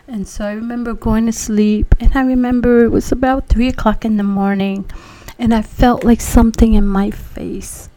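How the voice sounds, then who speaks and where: A woman recounts a personal faith testimony in a warm, mellow voice that sits a little high for her. She swings from hushed whispers to bursts of emphasis as she tells it. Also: unhurried. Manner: animated, drops to hushed whispers, then emphatic.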